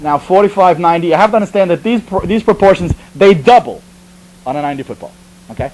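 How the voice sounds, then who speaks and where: Animated storyteller from the Bronx. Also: male voice, sits high, fast, slight background noise, rough recording. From the Bronx, New York. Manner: animated, conversational, with frequent asides and restarts. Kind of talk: comic personal storytelling.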